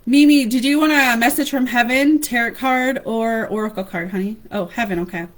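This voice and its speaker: A woman giving a live-streamed tarot reading, chatty and affectionate, calling viewers by name, her voice going hoarse. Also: a little high, moderate pace, rough recording. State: losing her voice. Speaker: tarot reader.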